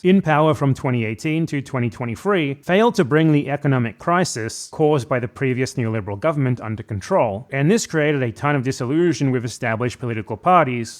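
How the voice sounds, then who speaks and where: A man narrating a scripted video essay in a critical, sardonic manner. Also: mid-range voice.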